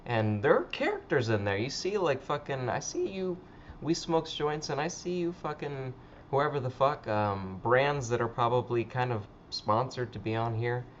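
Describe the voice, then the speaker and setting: A man's voice: mid-range voice, sing-song, moderate pace, highs cut off, a little hiss or hum. A man hosting a casual livestream chat, rambling with frequent stammers and swearing. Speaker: livestream host.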